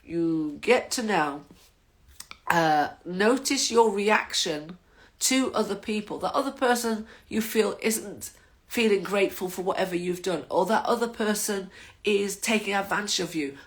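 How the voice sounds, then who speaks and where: A woman's voice: mid-range voice, a little slow. An older woman, chatting casually to her viewers in a rambling, waffling monologue as the host of her own vlog.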